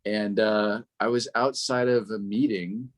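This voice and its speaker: A man, a podcast co-host telling stories in a relaxed, casual way and swearing freely. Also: fairly low pitch, measured pace. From Los Angeles, United States. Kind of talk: casual conversation.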